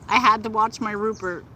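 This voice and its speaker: Brief: unhurried woman live-streaming outdoors, soft chatter and giggles, faint background hiss. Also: mid-range voice, steady tone, rough recording. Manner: gentle, chatty, laughs often. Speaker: vlogger. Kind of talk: casual live-stream chat. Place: outdoors in nature.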